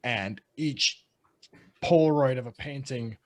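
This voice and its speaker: Brief: male co-host, casual rambling talk, mid pitch. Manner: rambling, halting with fillers and restarts. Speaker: podcast co-host. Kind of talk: casual chat.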